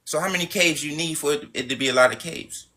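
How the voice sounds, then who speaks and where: A man's voice: fairly high pitch, quick pace, bright, forceful tone. A man hosting a live stream debate, insistent and repetitive, pushing his argument. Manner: insistent, repeating himself, pushy. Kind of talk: casual debate.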